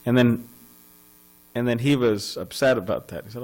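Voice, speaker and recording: A man's voice: deep voice, fairly even intonation, fast, darkish tone, low-quality recording. A man giving a scripture class at a temple, telling a story conversationally with many fillers and restarts. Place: temple hall.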